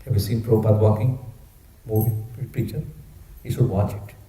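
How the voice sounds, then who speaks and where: A man preaches in a lively, conversational way, his voice very dark and mellow. He is in a roomy hall with a clear echo. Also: on the low side, a little fast. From India. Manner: animated, conversational. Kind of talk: storytelling sermon.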